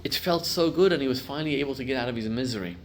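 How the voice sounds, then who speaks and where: Middle-aged rabbi guy teaching a class, tells stories, gets loud and punchy on key points, bit of hiss behind. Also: medium pitch, racing. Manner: storytelling, builds to loud emphatic peaks. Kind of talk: Torah class talk to a live group.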